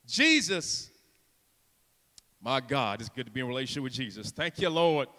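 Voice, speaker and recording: A man's voice: mid-range voice, lively intonation, normal speed, long pauses, bright, forceful tone. A man preaching a sermon to a congregation, impassioned and theatrical, acting out the story and urging the listeners on with repeated calls. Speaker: guest preacher. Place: church sanctuary. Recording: long reverb of a church hall.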